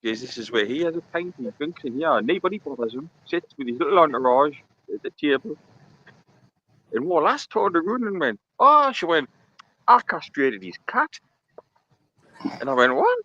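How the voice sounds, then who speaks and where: A man calling in on a video call, telling a lively anecdote and laughing through it. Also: on the high side, brisk, dry recording. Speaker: caller. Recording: muffled remote call audio.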